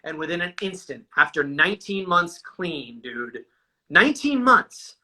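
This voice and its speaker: Bright-voiced man talking candidly. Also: on the high side, very animated, measured pace, poor audio. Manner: casual and profane, says "dude" constantly. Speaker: guest sharing a recovery story. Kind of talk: candid conversational storytelling.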